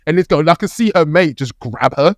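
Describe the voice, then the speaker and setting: A young British man, a podcast co-host, telling a story in an animated, casual way, laughing and swearing as he goes. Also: on the high side, a little fast, no room sound, clean studio sound.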